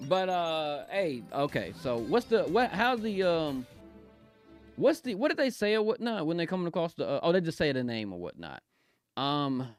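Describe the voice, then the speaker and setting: A young man chatting excitedly on a live stream, giggling often and talking in loose slang. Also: a little high. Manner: excitable, giggly, slangy, keeps saying "bro". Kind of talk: casual live-stream chat. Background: faint music.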